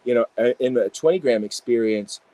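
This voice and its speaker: A man, an integration psychologist, telling animated stories in a casual interview with many fillers. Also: medium pitch, brisk, no echo, poor audio.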